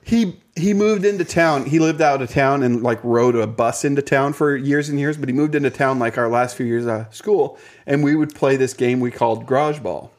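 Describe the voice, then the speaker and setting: A man's voice: medium pitch, moderate pace, hardly any pauses. Rambling young man telling a story. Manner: rambling, filler-heavy storytelling. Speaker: podcast co-host. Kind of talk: casual storytelling chat.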